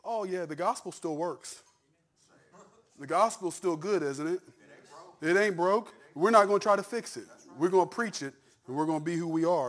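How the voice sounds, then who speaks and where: A male pastor preaching a fervent sermon to his congregation, dropping to a hush and then rising to a shout. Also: sits high, moderate pace.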